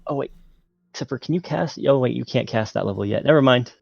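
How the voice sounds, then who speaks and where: A man runs a tabletop game as game master and narrates with frequent ums and restarts. His voice sits at an ordinary pitch, and the recording is dry with a dull, muffled top end. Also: fast talker, creaky, no echo. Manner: hesitant, filler-heavy narration.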